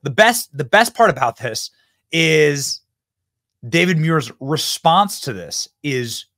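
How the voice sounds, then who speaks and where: A man hosting a political commentary show, reacting to news clips in a mocking, emphatic way that swings between loud and quiet. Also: on the high side, expressive, takes it slowly, dry recording, clean studio sound. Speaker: show host.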